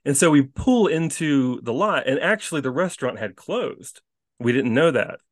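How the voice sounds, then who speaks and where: A man co-hosting a casual podcast, spinning an animated story with plenty of restarts and little laughs. His voice sits at a middling pitch. The recording is close and dry, with no room sound around it. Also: normal speed, no echo. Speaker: podcast co-host.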